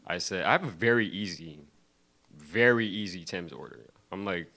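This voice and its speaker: A man's voice: low-pitched, moderate pace, sharp tone. A young man doing a loose, crowd-baiting stand-up set on a comedy club stage, laughing between his lines. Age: young adult.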